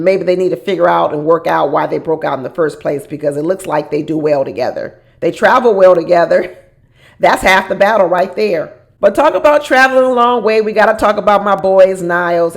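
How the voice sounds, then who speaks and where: A woman's voice: on the low side, creaky. A woman giving a chatty, casual recap of a reality TV show, laughing often and mimicking the people she quotes.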